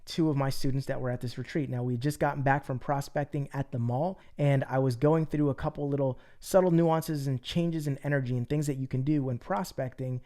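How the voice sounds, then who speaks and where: Energetic male sales coach, echoey room. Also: mid-range voice, brisk, few pauses. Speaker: network marketing trainer. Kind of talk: coaching students, informal training. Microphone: phone. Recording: echoey room, faint ambience, phone recording.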